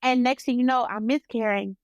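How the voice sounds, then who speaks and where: A woman in her thirties co-hosting a podcast, telling a personal story in an emphatic, animated way. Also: a little high, brisk, no echo. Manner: animated, emphatic, acts out dialogue. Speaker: podcast co-host. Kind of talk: personal storytelling in casual chat.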